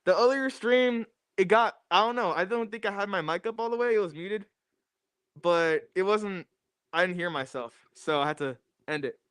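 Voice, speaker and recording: A man's voice: high-pitched, moderate pace, a bit bright, clean tone, no room sound. A young man streaming from his home garage, chatting casually and repeating phrases restlessly while he sets up a new microphone. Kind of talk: casual livestream chat. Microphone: new desk microphone.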